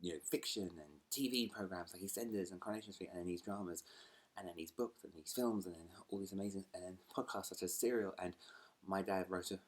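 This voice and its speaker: A man's voice: low voice, fast. A man chatting casually to camera at home as a book vlogger, rambling between asides and laughing easily. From United Kingdom.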